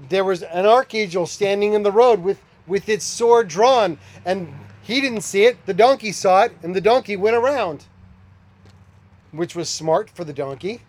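A man preaching a sermon as a pastor, conversational, with animated storytelling. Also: sits high.

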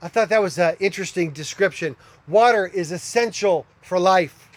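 Pastor guy with a high voice, preaching casually, tells stories animated. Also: normal speed, no echo. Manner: conversational, animated storytelling. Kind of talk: sermon.

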